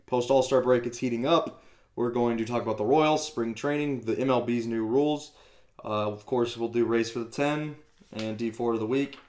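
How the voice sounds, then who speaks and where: A man's voice: medium pitch, darkish tone. Casual male sports podcast host. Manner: loose, swears casually, quick asides.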